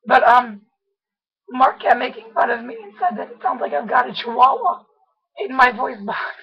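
Squeaky hoarse young woman with laryngitis. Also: sing-song, brisk, lo-fi sound. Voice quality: hoarse, scratchy. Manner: forcing her voice, half yelling to be heard. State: breathless. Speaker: vlogger. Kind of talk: casual personal video diary.

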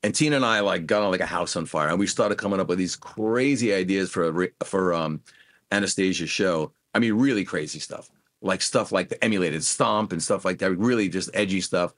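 Recorded in studio quality with no echo, a middle-aged man speaks in a low-pitched, brisk voice. He is a guest musician in a storytelling interview, relating lively stories from his career and performing the quoted voices of others.

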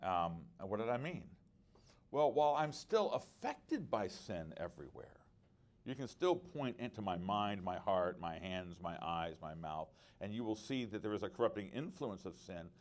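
A man's voice: deep voice, sing-song, normal speed. A middle-aged man teaching at a conference workshop, earnest and conversational, with frequent restarts and personal stories. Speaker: preacher.

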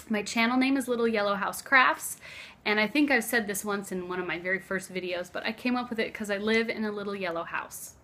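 A young woman chatting to her phone camera from her living room floor, warm-hearted and sometimes dropping to a hush. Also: fairly high pitch. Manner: chatty and heartfelt, drifting soft and hushed at times. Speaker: craft vlogger. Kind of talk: casual chat to camera. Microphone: phone camera on a stack of books.

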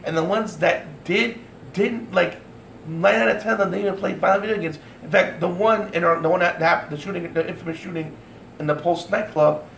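A man's voice: high voice, brisk, vocal fry, fairly bright tone. A man ranting angrily to his viewers, swearing often and stumbling over restarts. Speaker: vlogger. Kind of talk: angry rant to camera. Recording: echoey room with faint noise.

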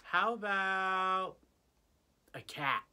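A man's voice: high voice, drawn-out words, bright, forceful tone, clear, resonant tone. A man teaching an early childhood music lesson, playfully inviting young children to join in with animal sounds and singing.

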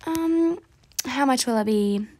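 A woman's voice: high voice, animated, takes it slowly, mellow, exaggerated voice. A woman voicing a snobby rich woman in a game role-play skit, talking in a haughty, dismissive, bossy way.

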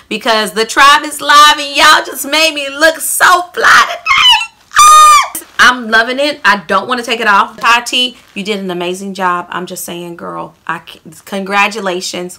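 A woman with a Southern US accent chatting excitedly to her viewers in a casual beauty favorites vlog, calling them y'all and fam. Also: medium pitch. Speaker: beauty vlogger.

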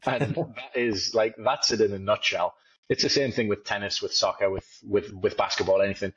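A man's voice: fairly low pitch, breathy edge. A man co-hosting a podcast, talking in casual chat in a reflective way. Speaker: podcast co-host. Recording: dull lo-fi sound.

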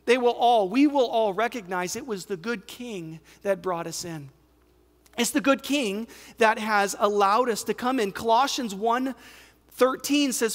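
A man's voice: very high voice, fairly bright tone. A man with an American accent preaching a sermon as pastor, conversational and emphatic, asking the crowd questions. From United States. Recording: reverberant hall.

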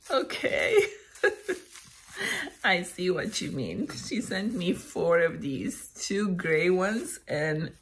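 Slow, giggly woman gushing over mail. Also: mid-range voice. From Canada. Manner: giggly, gushing, laughs a lot. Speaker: vlogger opening mail. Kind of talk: casual unboxing chat. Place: at home by a table.

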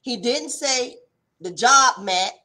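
A woman giving an impassioned devotional message, swinging between loud exhortation and hushed intensity, with a colloquial, folksy way of speaking. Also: a little high, lively intonation, slow pace. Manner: colloquial, uses folksy address. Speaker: preacher.

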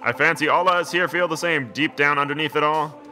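A man's voice: a little high, fairly even intonation, fairly quick, bright, forceful tone. A man putting on a gloomy dog creature. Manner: folksy, old-fashioned dialect words. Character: gloomy male dog creature with folksy Scots talk.

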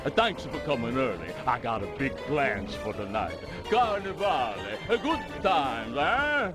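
An actor voicing a chatty, easygoing guard in a video game. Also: male voice, medium pitch, sing-song, unhurried, over music.

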